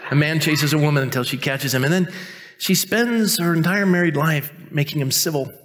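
A man preaching a sermon as pastor, mixing jokes at his own expense with earnest teaching, and dropping to a quiet, intense tone for stern points. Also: fairly high pitch, a little fast, a little hiss or hum. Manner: joking, self-mocking asides between earnest teaching. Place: church sanctuary. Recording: long reverb of a church hall.

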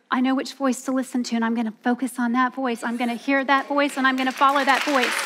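A woman's voice: high-pitched, little pitch movement, fast, few pauses, fairly bright tone, some chatter behind. A woman giving a sermon at a women's church event, earnest and telling a personal story. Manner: earnest, storytelling, acts out voices with laughs.

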